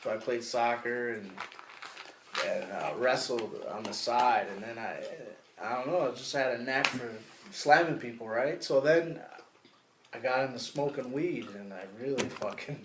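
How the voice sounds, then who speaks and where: A man's voice: mid-range voice, a little slow. Easygoing man in a noisy, echoey room. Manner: easygoing, chuckles as he talks. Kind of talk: casual podcast chat. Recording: echoey room with clear background noise.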